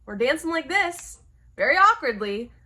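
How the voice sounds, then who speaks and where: A young woman telling a personal story to camera, candid and expressive, swearing freely. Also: sits high, normal speed, a little hiss or hum. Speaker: vlogger. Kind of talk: storytime monologue.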